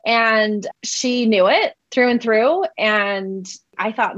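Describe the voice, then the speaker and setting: A woman's voice: on the high side, slow pace, few pauses, fairly bright tone, no room sound. A woman in her thirties tells a personal parenting story in a chatty, conversational way, often tagging her sentences with "like" and "right?". Her voice sits close and dry, with no room sound. The recording sounds slightly dull and muffled. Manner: conversational, heavy use of "like" and "right?". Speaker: mother sharing a parenting story.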